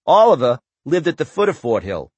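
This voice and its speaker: A man voicing a smug know-it-all detective with a heavy Boston accent, loud and drawn out. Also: fairly high pitch, big pitch swings, brisk, slightly rough, no echo, pitched above the performer's own voice. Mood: smug lecturing.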